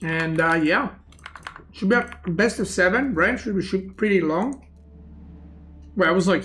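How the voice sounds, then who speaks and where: A man's voice: high voice, normal speed, pauses often, a bit bright. A man streaming live, casually commenting on a tournament and thinking aloud about his theories.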